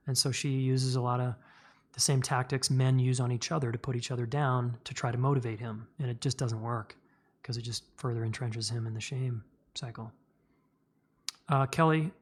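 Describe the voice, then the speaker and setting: A middle-aged man talking casually and frankly as a podcast host. His voice sits in an ordinary mid-range pitch. He speaks bluntly, fills pauses with "um" and "uh", and doesn't hold back from swearing. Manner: candid and blunt, with profanity and many fillers. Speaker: podcast host answering listener questions. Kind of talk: casual spoken advice.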